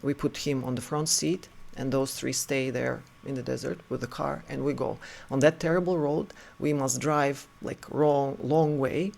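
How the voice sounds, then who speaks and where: A man telling a personal story in an earnest, halting way, often restarting his sentences. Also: mid-range voice, fairly even intonation, gravelly, a little mellow. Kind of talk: personal story told to camera.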